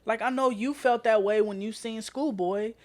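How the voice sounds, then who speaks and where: A man's voice: high voice, fairly even intonation, moderate pace, dry recording. A man co-hosting a casual podcast, ranting passionately and swearing a lot. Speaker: podcast co-host.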